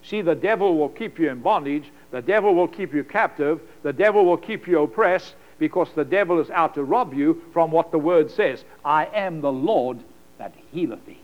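High-voiced preacher man, dull lo-fi sound. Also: moderate pace, hardly any pauses. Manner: dramatic preaching with sudden loud bursts and acted-out voices. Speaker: pastor. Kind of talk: sermon.

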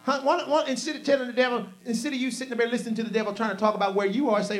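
A man preaching a sermon, telling a story and swinging from low, quiet lines to loud shouted outbursts, leading the congregation in call-and-response. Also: steady tone, rapid-fire, few pauses.

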